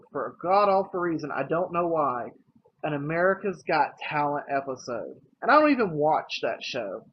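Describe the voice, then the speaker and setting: A young man telling a personal story to camera, candid and hesitant, pausing and restarting often. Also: on the high side, breathy edge. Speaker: vlogger. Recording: dull lo-fi with faint noise.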